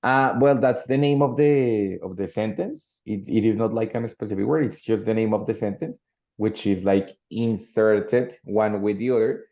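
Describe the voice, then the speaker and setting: A man teaches an English grammar class, explaining step by step and often checking that students follow. His voice is dark and gravelly. The sound is dull and lo-fi, like a computer mic. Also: lowish voice, normal speed. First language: Spanish. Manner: explains patiently, checks in with "no?" and "ready?". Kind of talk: online English grammar lesson.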